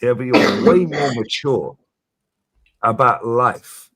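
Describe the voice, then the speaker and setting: Brief: male streamer, mid-pitched, lively and insistent, hammers his points home with swearing. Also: takes it slowly, husky. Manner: animated, emphatic, swears freely, repeats his points. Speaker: streamer host. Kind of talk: casual livestream chat.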